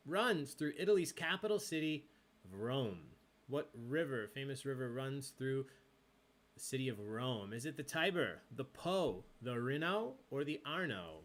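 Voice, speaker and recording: A man hosts a live trivia night with a bright, forceful voice. He reads questions and answer tallies in a playful, chatty way and jokes with the players between questions. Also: medium pitch, lively intonation, unhurried. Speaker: trivia host. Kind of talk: live-streamed trivia hosting.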